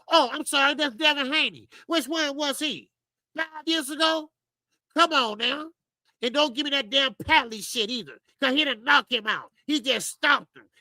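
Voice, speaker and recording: A woman's voice: high-pitched, pushed and bright, no room sound, poor audio. A woman hosting a boxing channel, giving a blunt, profane, opinionated monologue straight to her viewers. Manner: blunt, profane, rhetorical, talks to viewers as y'all.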